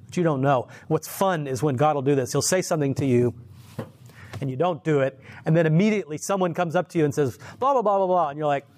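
A man's voice: fairly high pitch, quick pace, a little mellow, a little hiss or hum. A man giving an informal sermon, telling stories in a conversational way, with chuckles and frequent restarts. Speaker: lay preacher.

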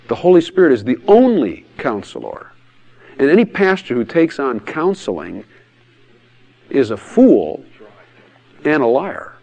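A pastor gives a sermon-style teaching talk in a blunt, emphatic manner, often laughing and acting out quotes in other voices. He speaks at medium pitch, a little mellow.

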